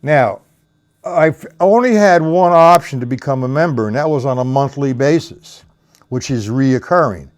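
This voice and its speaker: A man's voice: mid-range voice, normal speed. A middle-aged man teaching drums on a live stream, counting beats and explaining technique in a blunt, rambling way. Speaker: drum teacher. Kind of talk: live-streamed drum lesson. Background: drums played between talk.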